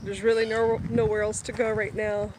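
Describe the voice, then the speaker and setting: A woman from Ohio rambling casually while she films a walk in a park on a handheld phone, a bit out of breath from walking fast. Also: mid-range voice. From Boardman, Ohio. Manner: rambling, chatty, laughs often. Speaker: vlogger. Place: outdoor park, windy day. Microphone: handheld phone camera while walking. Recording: loud outdoor wind noise.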